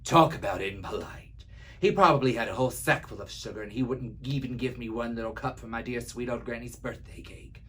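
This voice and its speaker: A man's voice: medium pitch, brisk, a bit bright, a little hiss or hum, lightly acted. A man reading a children's story aloud as an easygoing male wolf who tells his own side in a chatty, wry, confiding way. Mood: sly. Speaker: library storyteller.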